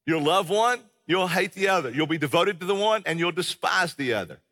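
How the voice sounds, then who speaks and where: A man preaches a sermon, emphatic and conversational, repeating and restarting his phrases. His voice sits a little high, bright and a touch husky. A long hall reverb trails each line. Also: lively intonation, fairly quick. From American South. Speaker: pastor. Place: church sanctuary.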